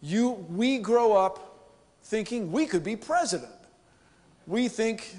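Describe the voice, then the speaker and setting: A man from the United States giving an animated, joking conference keynote to a live audience. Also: high voice, takes it slowly, pauses often. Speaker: keynote speaker. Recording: long hall reverb.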